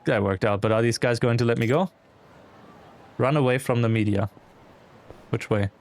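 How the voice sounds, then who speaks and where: A man's voice: mid-range voice, moderate pace, slight background noise. A man streaming a game live, reading its dialogue aloud and making wry muttered asides.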